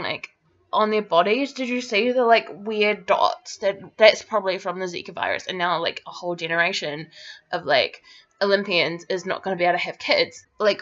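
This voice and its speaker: A vlogger rants indignantly to the camera, swearing often and peppering every sentence with "like." Her voice is medium-pitched and fairly bright, captured on a dull lo-fi recording.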